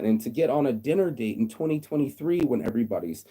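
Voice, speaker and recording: A man's voice: medium pitch, animated, fast, dark tone, slightly rough. A man delivering a blunt, profane rant straight to the camera in a casual vlog. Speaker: vlogger.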